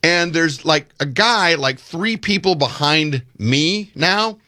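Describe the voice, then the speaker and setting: Animated man telling a story. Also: fairly high pitch, slow pace. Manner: animated, acts out quoted dialogue. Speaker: podcast co-host telling a story. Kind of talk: casual storytelling chat.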